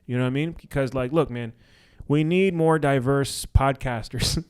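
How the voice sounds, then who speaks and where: Hyped young man, smooth clear voice. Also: mid-range voice, a little mellow. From Washington D.C. area. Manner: hyped, joking, talks fast with restarts. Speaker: podcast co-host. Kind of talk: casual podcast chat.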